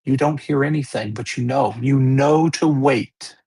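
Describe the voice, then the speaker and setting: A game master narrating a tabletop game, setting scenes slowly and checking in with the players. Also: medium pitch, vocal fry, mellow, husky. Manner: slow, measured scene-setting with check-in questions.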